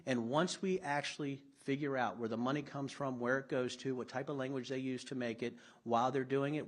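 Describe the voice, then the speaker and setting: A man's voice: medium pitch, steady tone, brisk, few pauses. A middle-aged man giving a conversational, self-deprecating speech to a live audience at a political summit, with blunt asides.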